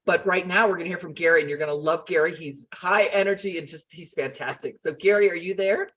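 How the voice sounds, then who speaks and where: A woman's voice: lowish voice, fast, low-quality recording. A woman hosting an online conference over a video call, enthusiastically thanking and introducing speakers. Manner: enthusiastic, warm praise. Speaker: conference host.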